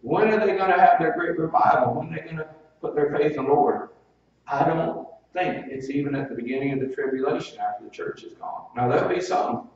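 A man's voice: fairly high pitch, brisk, a little mellow. A male preacher delivering a sermon in a folksy, conversational way, with personal stories and asides. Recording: very echoey, distant, dull hall sound.

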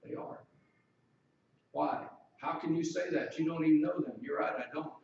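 A man's voice: fairly high pitch, normal speed, vocal fry, heavy reverb, distant mic, muffled recording. A man preaching a sermon in a conversational way, asking the congregation questions.

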